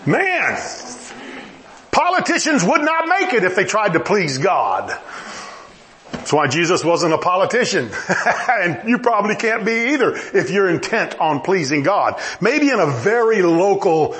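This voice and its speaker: A man's voice: a little slow, a little hiss or hum. A man preaching a sermon, acting out dialogue and dropping humorous asides. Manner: animated, acts out dialogue with rising pitch and humorous asides.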